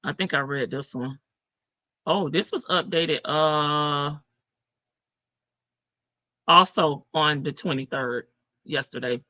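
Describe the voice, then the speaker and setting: Woman live-streamer with a bright, forceful voice, chatty and loose; dry, slightly dull lo-fi audio. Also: low-pitched, slow pace, pauses often, dry recording. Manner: chatty, greets viewers by name, reads articles aloud. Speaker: livestream host. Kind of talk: casual live-stream chat and news reading.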